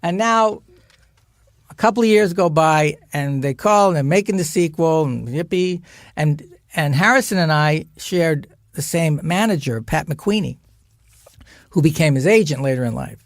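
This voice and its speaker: A man's voice: moderate pace, no room sound, clean studio sound. A man telling showbiz stories in casual chat, acting out the quotes and laughing often. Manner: animated, acts out quotes in a higher voice, laughs often. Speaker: guest actor telling stories.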